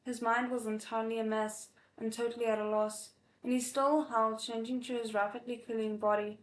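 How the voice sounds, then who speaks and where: A woman reading a novel aloud live, expressive, with emotional asides between passages. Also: fairly high pitch, moderate pace. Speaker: audiobook reader. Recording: echoey room.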